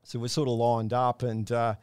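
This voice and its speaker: Australian man, smooth chatty podcast host. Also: mid-range voice, moderate pace, dry recording, studio quality. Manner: chatty storyteller, relaxed banter. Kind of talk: casual chat.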